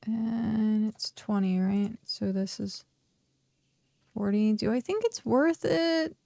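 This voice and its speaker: Chatty woman streamer with a gravelly edge. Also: on the high side, slow pace, dark tone, no echo, studio quality. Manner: chatty, talks to herself and reads chat aloud. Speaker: game streamer. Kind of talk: casual live-stream chat while gaming.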